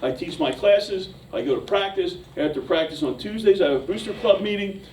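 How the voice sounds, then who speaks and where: Animated male storyteller, echoey and distant. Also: sits high, a little fast, slight background noise. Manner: animated storyteller who builds to shouting. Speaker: motivational speaker. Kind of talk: storytelling motivational speech.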